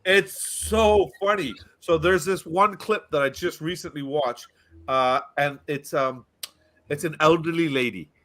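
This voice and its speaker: On a casual podcast, a male host with a fairly high voice speaks a little slowly. He's an animated storyteller, telling stories with energy and reading out viewer comments.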